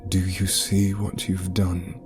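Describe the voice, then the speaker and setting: A man's voice: low voice, monotone, takes it slowly, music in the background. A man doing a cold masked plague doctor. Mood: coldly solemn.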